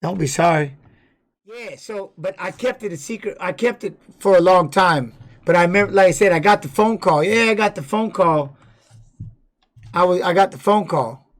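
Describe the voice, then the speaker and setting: A man with a high voice talks on a livestream in a loose, rambling way, swearing freely. He shifts between commenting on a fight and telling candid stories from his own life. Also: moderate pace. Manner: candid personal storytelling. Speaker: streamer and former fighter. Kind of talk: casual livestream chat.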